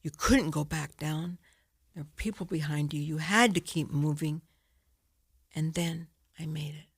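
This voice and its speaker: A woman's voice: sits low, unhurried, husky, no room sound, studio quality. An older woman, a guest author, telling a personal story in an interview and acting out her own past thoughts.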